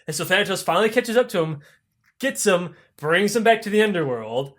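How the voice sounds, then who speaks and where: A young man hosting a podcast, retelling myths in a profane, animated, comedic way and laughing often. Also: high-pitched, brisk. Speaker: podcast host. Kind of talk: comedic casual storytelling.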